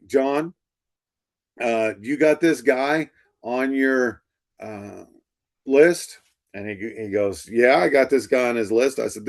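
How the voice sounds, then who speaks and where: A man's voice: medium pitch, creaky. Man telling classroom stories. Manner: storytelling, acts out quoted dialogue. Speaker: instructor. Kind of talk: classroom lecture with anecdotes.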